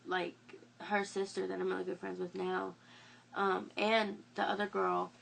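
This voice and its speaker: A woman's voice: mid-range voice, level tone, normal speed, gravelly, a little hiss or hum. A young woman rambling through a late-night vlog at home, sick and sniffling, with lots of fillers and restarts. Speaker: vlogger.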